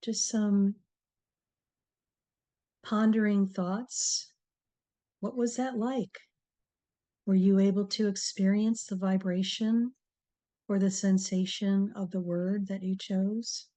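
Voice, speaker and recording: A woman hosting a TV talk, giving a slow, encouraging motivational talk to viewers with many pauses. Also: medium pitch, level tone. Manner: slow, pausing, soft-spoken and encouraging. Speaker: TV show host, speaker on word power.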